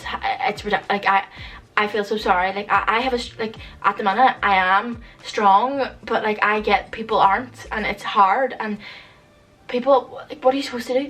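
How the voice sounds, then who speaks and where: A woman's voice: mid-range voice, fairly bright tone, recorded from a distance, low-quality recording. A young woman in her late teens from the UK, ranting casually to camera at home in a rambling, exasperated way, with lots of "like". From United Kingdom. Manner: rambling and exasperated, heavy use of "like". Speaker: vlogger.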